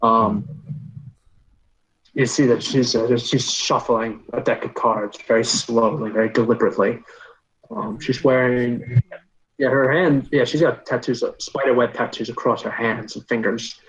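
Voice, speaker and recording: A man's voice: mid-range voice, fairly even intonation, fairly bright tone, dull audio, slight background noise. A man running a tabletop game as game master, describing scenes casually with frequent fillers and restarts. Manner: casual, halting, lots of fillers.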